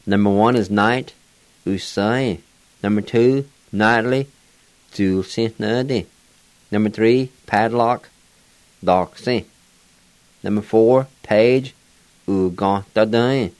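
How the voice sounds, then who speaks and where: A man teaching words in a slow, deliberate lesson, spelling them out letter by letter. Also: fairly low pitch, clean tone, dry recording. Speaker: language teacher.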